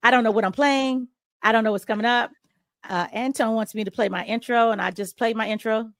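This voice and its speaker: Middle-aged female radio host recounting a story, does all the voices, somewhat high pitch, dry and close. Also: steady tone, fairly quick, no echo. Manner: acts out quoted dialogue with big pitch jumps. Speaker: radio host and podcast guest. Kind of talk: animated storytelling in an interview.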